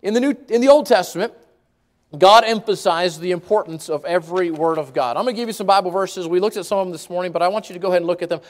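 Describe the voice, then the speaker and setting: A man preaching a sermon, emphatic, repeating key words and swinging between fast and slow delivery. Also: high-pitched.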